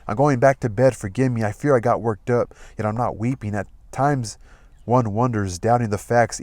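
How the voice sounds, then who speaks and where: Low-voiced man reading a novel aloud. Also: darkish tone, dry recording. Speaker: audiobook reader.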